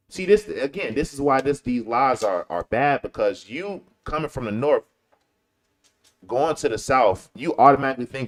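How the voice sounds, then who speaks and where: A man's voice: medium pitch, animated, normal speed. A man from Chicago talking in a casual, slangy commentary style, repeating points for emphasis. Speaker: commentary show host. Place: lives in Texas.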